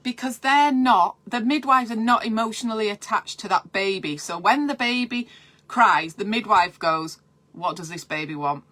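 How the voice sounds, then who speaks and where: A woman's voice: fairly high pitch, normal speed, pushed and bright. A woman, a midwife, giving breastfeeding advice in a live stream from home, chatty and digressive and breaking off to answer viewer comments.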